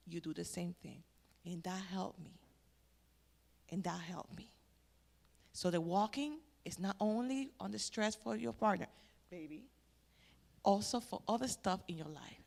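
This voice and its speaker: A middle-aged woman giving a personal testimony at a church family event. She swings between loud exclamations and near-whispers. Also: mid-range voice. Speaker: church family-life speaker.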